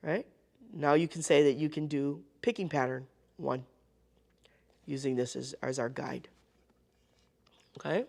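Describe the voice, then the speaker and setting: Slow, gravelly woman counting out beats. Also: low voice, fairly even intonation, darkish tone. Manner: counts beats aloud and checks in with "okay?". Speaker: ukulele teacher. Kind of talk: live group music lesson. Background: ukulele playing.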